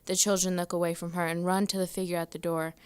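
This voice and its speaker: Woman slowly reading a ghost story. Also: on the low side, clean tone. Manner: slow, steady reading. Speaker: student reader.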